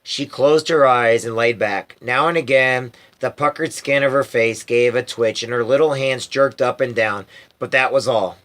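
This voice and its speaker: A man reading a storybook aloud as a parent, in lively storytelling narration. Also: medium pitch, moderate pace.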